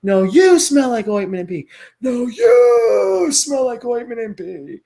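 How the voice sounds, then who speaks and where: A man voicing a scrappy old cartoon man who picks fights, in a high, strained old-man voice. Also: very animated, takes it slowly, creaky, mellow, heavily acted. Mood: bickering.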